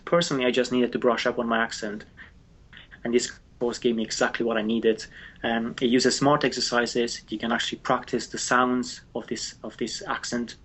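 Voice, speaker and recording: Flat-voiced hesitant man. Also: medium pitch, moderate pace. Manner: hesitant, filler-heavy. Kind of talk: spoken testimonial.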